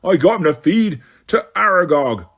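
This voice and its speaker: A giant, grumpy gamekeeper growls and grumbles in thick rough dialect speech, as a male audiobook reader puts him on. The voice sits raised and loud above the narration. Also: sits high, big pitch swings, moderate pace, voice pushed up, heavily acted. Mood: grumbling.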